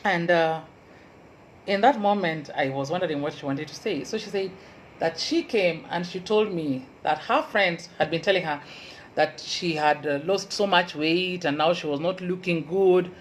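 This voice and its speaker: A woman with a Kenyan Luo accent, a university lecturer giving an earnest motivational talk and repeating key advice slowly for emphasis. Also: on the low side, a little hiss or hum, low-quality recording.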